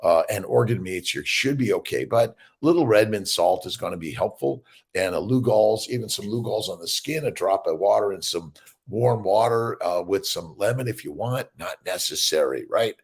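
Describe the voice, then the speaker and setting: A man's voice: fairly low pitch, lively intonation, moderate pace, husky. A middle-aged man, a fertility doctor, hosts a casual morning livestream, greeting viewers by name and rambling loosely as he reads their comments.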